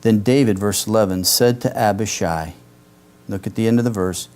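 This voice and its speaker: A man's voice: lowish voice, moderate pace, a little mellow. A man, a pastor, preaching an expository sermon with casual conversational asides to the congregation.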